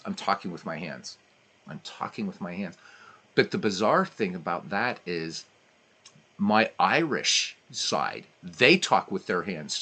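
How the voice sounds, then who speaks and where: A man chatting casually on a stream, telling rambling, animated stories. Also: low voice. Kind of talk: casual chat while playing.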